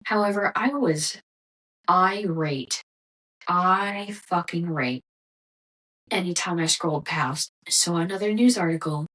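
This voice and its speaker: A woman's voice: lowish voice, slow pace, fairly bright tone, low-quality recording. A young woman hosting a podcast, ranting in a casual, exasperated monologue full of swearing. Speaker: podcast host.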